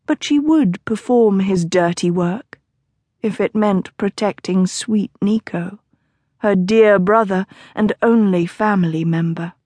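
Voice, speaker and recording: A woman narrating a historical romance audiobook in a measured storytelling delivery. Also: medium pitch, a little mellow, no echo. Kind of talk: scripted narration.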